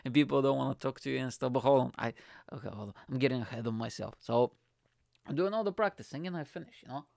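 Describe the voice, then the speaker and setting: A man who does stand-up tells a long, rambling story at his own expense, swearing casually and laughing at himself along the way. His voice sits at an ordinary middle pitch. The sound is dry and close, with no room around it. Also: quick pace, vocal fry, a little mellow, dry recording. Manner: rambling, self-mocking, swears freely. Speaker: stand-up comedian.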